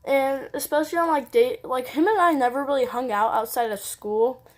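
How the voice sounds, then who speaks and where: Teen girl, vlogger, slightly high-pitched, casual rambling talk, lots of "like". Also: moderate pace. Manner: casual, rambling, says "like" constantly. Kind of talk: candid personal storytelling.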